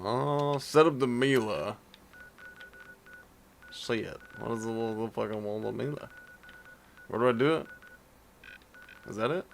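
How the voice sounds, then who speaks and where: Speaking a little slowly with vocal fry and long pauses, a man with a mid-range voice comments on his game as music plays, with slight background noise. His let's-play talk is rambling, profane self-talk full of jokes to himself.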